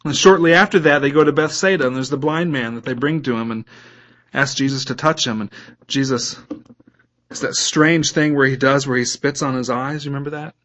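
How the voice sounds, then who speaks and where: A man's voice: mid-range voice, fairly even intonation, a little fast, a bit bright. A man preaching a sermon as a pastor, reading scripture aloud and putting questions to his listeners.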